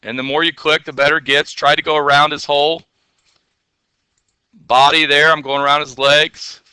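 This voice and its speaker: A man leads a classroom lesson on software, talking casually and checking in with his students again and again. His voice sits a little high and is very bright and clean. The sound is dry and close. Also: flat delivery, moderate pace, clear, resonant tone, no room sound. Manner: chatty, asks the class questions, playful asides. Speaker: teacher.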